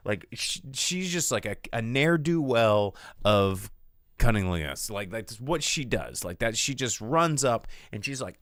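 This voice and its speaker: Male podcast host, rambling crude film reviewer, very lively pitch, dry sound. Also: unhurried, no echo. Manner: rambling, crude, animated storytelling. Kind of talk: casual film review chat.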